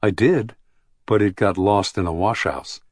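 Guy doing a shy awkward man, low husky voice, hesitant, audiobook read. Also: no echo, studio quality. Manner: halting, hesitant. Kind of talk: audiobook character reading.

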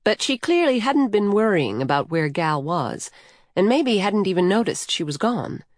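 A woman reading a novel aloud in measured, even storytelling. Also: medium pitch, no echo, clean studio sound. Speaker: audiobook narrator. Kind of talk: scripted narration.

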